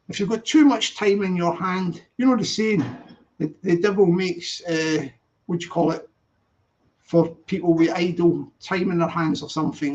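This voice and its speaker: A man hosting a casual live stream, rambling and repeating cheerful greetings to viewers. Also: on the high side. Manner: chatty, rambling, repeats greetings in sing-song. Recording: dull lo-fi stream audio.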